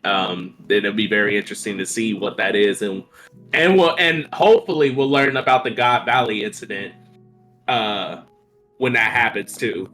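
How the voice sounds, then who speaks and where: Bright-toned enthusiastic man on a podcast. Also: lowish voice, moderate pace, faint music behind. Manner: enthusiastic, analytical. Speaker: podcast co-host. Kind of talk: casual podcast chat.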